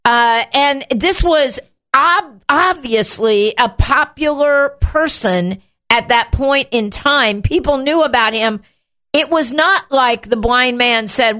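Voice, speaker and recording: A woman hosting a show, teaching from the Bible in an animated way and acting out the quotes. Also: high-pitched, slow. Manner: animated, acts out the quotes, shouts them.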